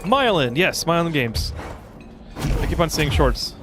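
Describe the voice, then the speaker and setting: A young man streaming a video game, reacting loudly and chatting with his viewers. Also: on the high side, a little slow. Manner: excitable, shouts exclamations, chats to viewers. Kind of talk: casual gameplay streaming with chat. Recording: game music playing behind.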